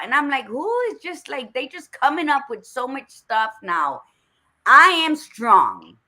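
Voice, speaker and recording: A woman hosting a casual talk podcast, with a bright, forceful voice. She is blunt and curses freely, and she tells her stories with lively energy. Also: a little high. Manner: blunt, swears freely, animated storytelling. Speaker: podcast host. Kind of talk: casual conversation.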